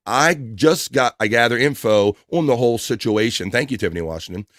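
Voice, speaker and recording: A man hosts a live stream in casual, profane banter, reading the chat aloud and hyping up his viewers. His voice sits mid-pitched, recorded dry and close. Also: expressive, fairly quick, fairly bright tone, dry recording. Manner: loose, profane, hyped banter.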